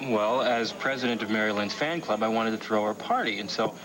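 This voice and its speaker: An earnest, protective young fan club president, played by an actor in a 1980s soap opera. His voice sits fairly low. Heavy noise runs under the recording. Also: a little fast, close to an everyday voice.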